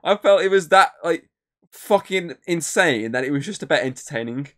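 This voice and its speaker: A man's voice: on the high side, lively intonation, moderate pace, fairly bright tone. A man co-hosting a podcast, rambling through a film recap with lots of fillers and swearing. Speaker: podcast co-host. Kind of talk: casual podcast chat.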